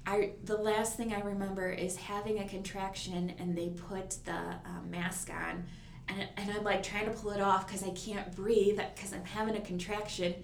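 A young adult woman telling a personal story in a casual, animated way, acting out what people said. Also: medium pitch, normal speed, creaky. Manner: animated, acts out quoted voices. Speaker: guest telling a birth story. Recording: echoey room, faint noise.

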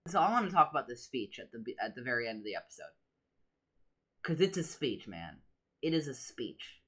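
A woman co-hosting a podcast in casual discussion, animated and jokey, slipping into quoted lines. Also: a bass voice, a little fast. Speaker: podcast co-host.

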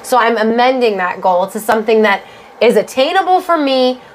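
A woman's voice: on the high side, expressive, normal speed, a little hiss or hum. A woman co-hosting a podcast, talking casually with lots of fillers and frequent swearing. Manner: chatty, swears freely, many fillers. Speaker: podcast co-host. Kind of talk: casual chat.

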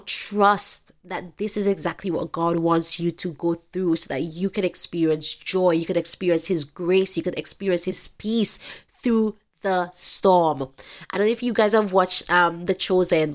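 A woman's voice: fairly low pitch, unhurried, a bit bright. A woman hosting a podcast, giving an earnest, emphatic faith-based talk straight to her listeners. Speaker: podcast host.

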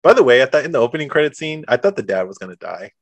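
A man's voice: mid-range voice, very animated, racing, dry recording. Male co-host, laid-back and curious, mid-range voice, dry close mic. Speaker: podcast co-host. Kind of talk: casual chat. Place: video call.

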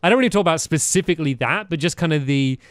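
A man's voice: fairly high pitch, expressive, rapid-fire, dry recording, clean studio sound. A man co-hosting a casual podcast chat, hesitant with many restarts and frequent laughs. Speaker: podcast co-host.

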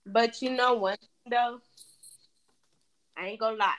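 Young woman guest, casual and expressive, does the voices when she quotes people. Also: a little high, a little slow, lo-fi sound. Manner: expressive, laughs, acts out quotes. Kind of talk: casual chat.

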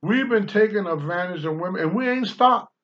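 An older man on a talk show, blunt and preachy, swinging from low mutters to loud outbursts. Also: expressive, fairly quick, dull audio. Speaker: podcast host, former wrestler. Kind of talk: candid talk-show commentary.

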